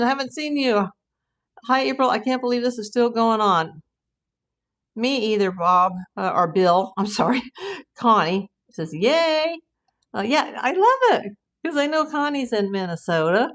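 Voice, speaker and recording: A woman's voice: a little high, a bit bright. Woman livestream host, chatty and rambling, casual, laughs easily. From Southern California. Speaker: true crime livestream host. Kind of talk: casual livestream chat reading viewer comments.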